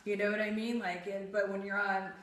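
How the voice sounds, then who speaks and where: A woman's voice: mid-range voice, little pitch movement, a little fast, fairly bright tone, echoey room, recorded from a distance. A woman co-hosting a live fitness show, talking in a chatty, casual way full of fillers. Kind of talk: casual live-stream chat.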